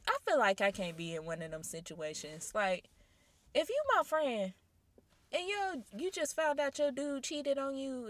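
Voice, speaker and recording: A woman's voice: high voice, dry recording. A woman giving casual commentary to her audience, talking to them directly and tossing out rhetorical questions. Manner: animated, addresses audience directly; rhetorical questions, incredulous asides.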